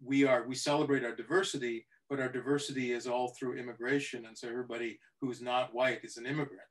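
Man telling lively anecdotes. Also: medium pitch, fast, low-quality recording. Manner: animated anecdotes, mimics voices, chuckles. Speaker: actor, interview guest. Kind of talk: conversational interview storytelling.

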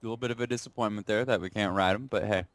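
A man's voice: on the low side, steady tone, rapid-fire. A man co-hosting a casual video game commentary in a goofy, exclamatory way. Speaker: co-host.

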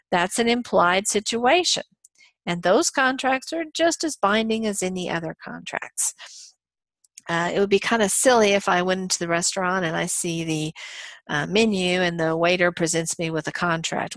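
A woman teaching a law course in a loose, conversational lecture, full of ums and uhs. Her voice sits on the low side and the recording is close and dry, with no room around it. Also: moderate pace, a bit bright, no echo. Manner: conversational, many ums and uhs, acts out quoted dialogue. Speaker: college law instructor.

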